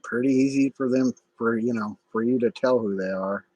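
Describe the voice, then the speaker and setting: A middle-aged man rambling on a livestream, halting and irritable, with many restarts. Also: mid-range voice, darkish tone, husky, no echo, highs cut off. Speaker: livestream host. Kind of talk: casual livestream monologue.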